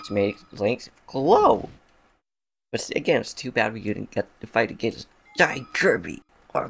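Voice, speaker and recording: A man's voice: mid-range voice, wildly swooping pitch, slow pace, pauses often. A man giving casual, chatty gameplay commentary as host, sassy toward the game and laughing often. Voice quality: gravelly. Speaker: gaming channel host. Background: game music.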